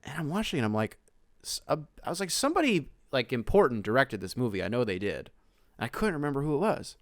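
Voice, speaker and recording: A male podcast host rants about movies in a casual, profane way. His voice is smooth and resonant, at a middling pitch. It is recorded close on a dry mic, and he now and then bursts out loud. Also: quick pace, dry recording. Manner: profane, animated ranting with loud outbursts. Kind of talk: casual solo rant.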